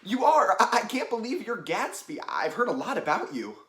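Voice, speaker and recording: A man's voice: high voice, huge pitch swings, normal speed, sharp tone, exaggerated voice. A man voicing an awkward, hesitant young man in a student comedy play, stammering often.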